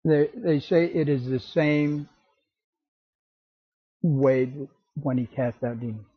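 A man preaching a sermon as pastor, slow and emphatic, acting out the scripture quotes. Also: a little high, slightly rough, no echo, dull audio.

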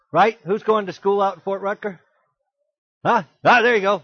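A man preaching a sermon as pastor, emphatic, with rhetorical questions and sudden loud exclamations. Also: high-pitched, fairly even intonation, brisk, husky, no echo, highs cut off.

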